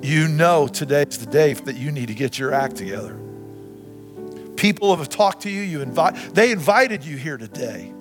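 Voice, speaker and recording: A man preaching a sermon as pastor, repeating phrases and swinging from loud to soft. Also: on the high side, expressive, normal speed. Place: church sanctuary. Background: guitar music.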